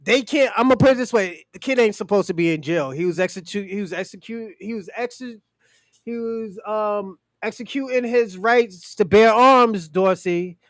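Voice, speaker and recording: A man's voice: high-pitched, moderate pace, no echo, clean studio sound. A man hosting a podcast who gives blunt, profane opinions in casual talk and speaks straight to his co-hosts. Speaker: podcast host.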